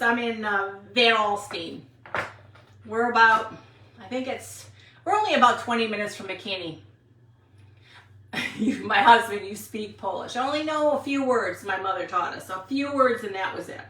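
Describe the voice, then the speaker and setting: A woman's voice: fairly high pitch, bright, forceful tone. A woman in her sixties from Wisconsin, chatting casually and rambling as she hosts a craft livestream and answers viewers. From Wisconsin, USA. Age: 60s. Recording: roomy, mic at a distance.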